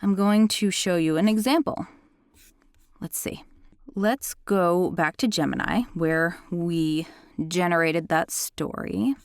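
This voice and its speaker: A woman who works as an audiobook narrator, hosting a casual software tutorial in a chatty, enthusiastic way. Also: fairly low pitch, slow, no room sound, clean studio sound. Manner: chatty and enthusiastic, self-described critical listener.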